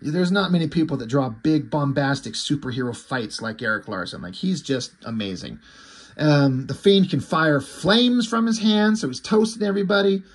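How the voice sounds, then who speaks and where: Husky excited man recapping comics. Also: a little high, normal speed. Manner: excited, loose and profane retelling. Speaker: comic book reviewer.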